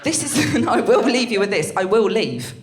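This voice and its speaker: This clip is very noisy: a young woman with a mid-range voice at normal speed does crude, brash stand-up in an echoey club, handheld mic in hand. She's animated and breaks into bursts of laughter.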